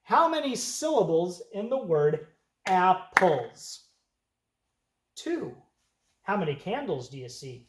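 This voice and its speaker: An elementary music teacher teaching young children, speaking slowly and patiently and counting beats aloud. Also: mid-range voice, very animated, roomy sound, noisy background.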